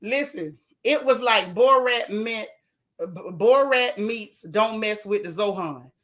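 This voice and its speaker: Woman host, casual gossip chat; bright, punchy voice, a bit high, joking folksy storyteller. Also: lively intonation, slow pace. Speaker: show host.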